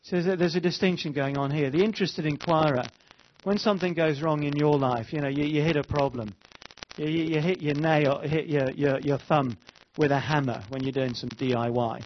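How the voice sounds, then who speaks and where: A man preaching a sermon, rising to fervent pleas and dropping to hushed tones. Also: fairly high pitch, steady tone, a little fast, highs cut off, a little hiss or hum. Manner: impassioned, rises to fervent pleas then drops to hushed tones.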